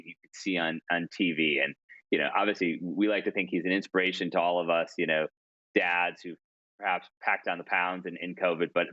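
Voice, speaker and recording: Chatty low-voiced man on a dull line. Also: a bit bright, no room sound. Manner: chatty, self-deprecating, many restarts. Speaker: columnist and author, podcast guest. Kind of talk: casual storytelling interview.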